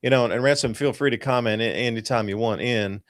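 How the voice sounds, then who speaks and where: A man hosting a talk show, talking through weather charts in an excited, emphatic and rambling way. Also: medium pitch, quick pace, no echo, studio quality. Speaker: host.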